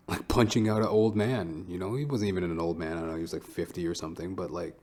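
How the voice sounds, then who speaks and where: A man's voice: low voice, steady tone, a little fast, darkish tone. A man hosting a solo podcast who talks in a rambling, profane and reflective way. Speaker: podcast host. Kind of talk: casual solo podcast monologue.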